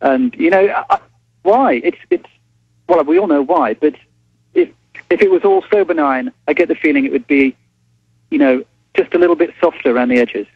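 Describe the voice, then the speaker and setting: A man, a journalist calling in to a talk show, speaking haltingly with many restarts before pressing his point. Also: fairly high pitch, very animated, creaky, breathy edge, no room sound. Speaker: newspaper journalist guest. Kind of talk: phone-in interview. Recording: dull phone line.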